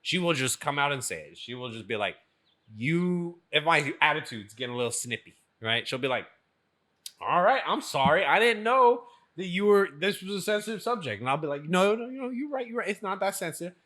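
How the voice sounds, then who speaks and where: Lively laughing man telling stories. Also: a little high, brisk. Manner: animated storyteller, laughs often, acts out quotes. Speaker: podcast co-host. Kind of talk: casual chat.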